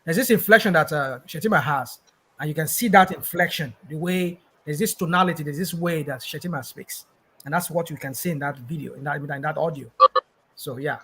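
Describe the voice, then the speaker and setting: A man hosting a heated panel discussion, challenging the others with rapid, pushy questions. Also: on the high side, fairly bright tone, breathy edge.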